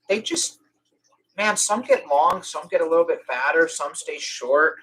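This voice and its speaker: A young man hosting a casual live-stream Q&A, chatty, acting out conversations in lively quoted voices. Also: fairly high pitch, a little slow, a little hiss or hum, low-quality recording. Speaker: reptile rescue host.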